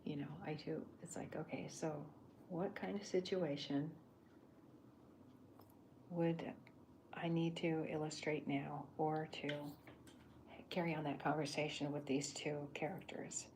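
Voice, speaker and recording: An older, soft-spoken woman artist in a whispered role-play, thinking aloud in halting bits while she sketches. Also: low voice, level tone, noisy background.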